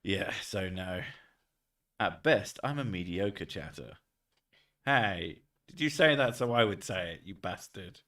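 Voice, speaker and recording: A man's voice: low voice, lively intonation, unhurried, fairly bright tone, distant mic. A man streaming live, chatting casually, swearing often and laughing between rambling thoughts. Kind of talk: casual livestream chat.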